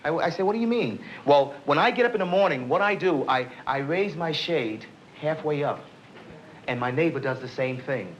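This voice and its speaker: A middle-aged male police officer teaching a live self-defense class, energetic and coaxing, quizzing the group as he demonstrates. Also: a little high, normal speed, a little hiss or hum. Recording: dull lo-fi 1970s film sound.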